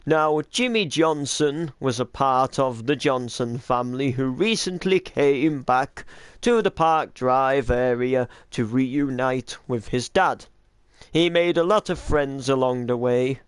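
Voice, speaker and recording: Man doing a posh, formal vicar for a game roleplay, smooth and dry. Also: mid-range voice, takes it slowly, dry recording, close to an everyday voice. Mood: solemn. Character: posh male church vicar conducting funerals.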